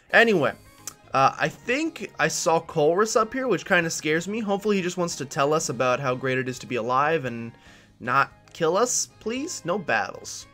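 A woman's voice: low voice, fairly bright tone. A woman hosting a let's play, chatting casually and making self-deprecating asides over faint game music.

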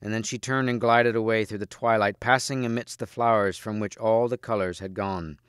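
A man reading a storybook of old legends aloud as an audiobook, measured and quiet. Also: fairly low pitch, fairly even intonation, smooth, dry recording, clean studio sound. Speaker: audiobook reader.

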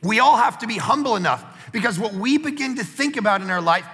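A man in his forties, a pastor preaching a sermon, who tells a lively family story and acts out the voices in it. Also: high voice, fast talker, slightly rough, big-room sound.

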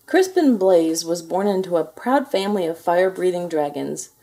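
A woman reading a children's picture book aloud, with lively, expressive delivery. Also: on the low side, moderate pace. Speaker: storybook reader. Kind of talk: children's storybook read-aloud.

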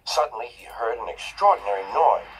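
A man narrating a children's story in a storybook style, with a lively telling voice that acts out the characters. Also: mid-range voice, a little fast, very noisy. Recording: clip played with music underneath. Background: background music.

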